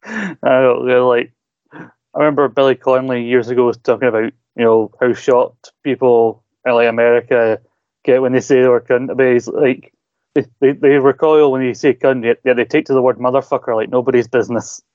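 A man's voice: medium pitch, steady tone, a little mellow, dry recording. Scottish man on a dull line. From Scotland. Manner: halting, repeats words when starting. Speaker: podcast host. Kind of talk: casual interview chat.

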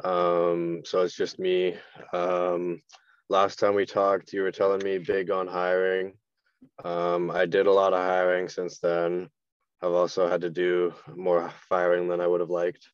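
A man's voice: low-pitched, completely flat delivery, a little slow, smooth, no room sound, muffled recording. A man from Canada, a contractor guest on a podcast, speaking in a hesitant, subdued way with many ums. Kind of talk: casual interview talk.

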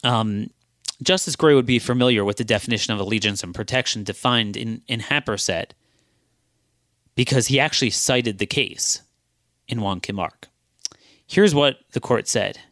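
An emphatic man talks through his argument on a solo podcast in a voice of middle pitch. The recording is dry and close, with no room sound around him. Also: normal speed, pauses often, a bit bright, no room sound. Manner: emphatic, argumentative, reads out legal quotes. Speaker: podcast host.

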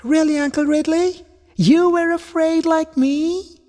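A shy little girl rabbit, voiced by a man in a storybook, with a high, hesitant voice that wobbles as she speaks. Her voice rises well above an ordinary adult's and rings in a long hall reverb. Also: steady tone, a little slow, dark tone. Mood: eager.

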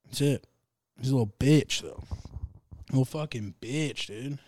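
A man's voice: medium pitch, a little slow, darkish tone, no room sound, clean studio sound. Profane young man in casual sports chat. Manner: profane, joking, rambling. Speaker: podcast host.

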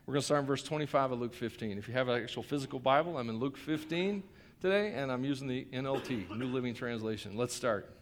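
A man's voice: medium pitch, fast, slight background noise. A male pastor preaching a sermon in a conversational way, with joking asides and emphatic repetition.

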